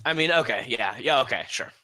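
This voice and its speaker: A man's voice: medium pitch, lively intonation, brisk, crowd noise. A man playing a tabletop game, laid-back and slangy, swearing casually as he plans his turn. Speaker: player.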